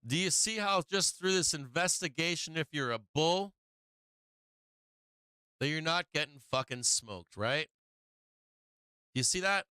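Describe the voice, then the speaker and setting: A man's voice: a little high, expressive, unhurried, pauses often, pushed and bright, smooth, no room sound. A man hosting a live trading stream, talking casually and profanely through charts, his voice strained and tiring. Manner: profane, chatty, laughing while watching charts. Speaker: livestream trading host.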